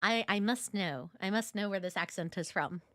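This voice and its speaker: A woman's voice: medium pitch, moderate pace, a bit bright, no echo, studio quality. A woman streamer chatting casually with her viewers, giggly and rambling, with lots of fillers. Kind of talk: casual reaction chat.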